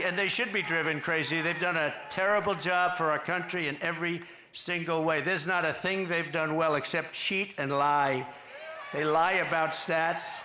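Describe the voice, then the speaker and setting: Gravelly, boastful man at a rally. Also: a little high, fairly even intonation, normal speed. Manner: boastful, repetitive, rambling, quoting others in asides; shouting to a cheering crowd at times. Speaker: political candidate at a rally. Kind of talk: campaign rally speech. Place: large rally venue. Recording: echoey venue with faint background noise.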